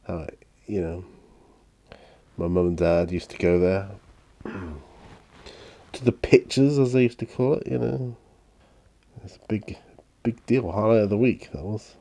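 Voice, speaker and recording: Slow, deep-voiced man rambling. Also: creaky. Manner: slow, rambling, soft-spoken with frequent fillers. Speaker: miniature painting vlogger. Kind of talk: relaxed paint-along chat.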